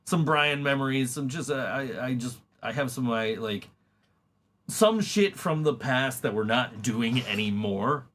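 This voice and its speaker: A man's voice: medium pitch, lively intonation, a little slow, fairly bright tone, a little hiss or hum. Man laughing through casual podcast chat. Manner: laughing, swearing, many restarts. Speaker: podcast host and band member.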